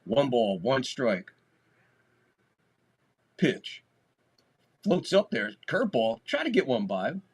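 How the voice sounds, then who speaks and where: Calling a live baseball stream, this host gives loose, casual play-by-play in a husky, sing-song voice of medium pitch, speaking slowly with long pauses. He swears freely, talks a lot, and gets loud when big plays happen.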